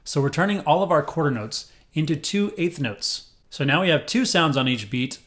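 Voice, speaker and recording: A man's voice: fairly high pitch, expressive, normal speed, fairly bright tone. Upbeat corny music teacher man. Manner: upbeat, self-described corny, encouraging. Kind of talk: rhythm lesson with counting aloud. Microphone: headphones on.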